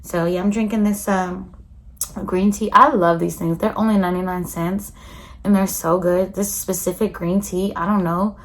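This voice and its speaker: A woman's voice: lowish voice, fairly even intonation, normal speed. A young woman chatting casually to her phone camera in a rambling vlog, full of fillers. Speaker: vlogger. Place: outdoors on a walk, then at home.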